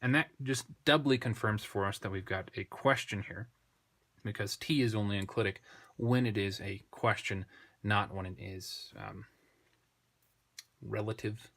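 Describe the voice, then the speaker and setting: A man teaching a language lesson, working slowly through a text, thinking aloud and correcting himself as he goes. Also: fairly low pitch, steady tone, creaky, fairly bright tone. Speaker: Greek tutor. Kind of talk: unscripted screen lesson.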